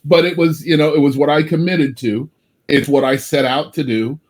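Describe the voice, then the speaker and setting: A man in casual group talk, telling a personal story with lively, acted-out quotes. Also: a little high, moderate pace. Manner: animated storytelling, acts out his own angry quotes. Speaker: sales coach.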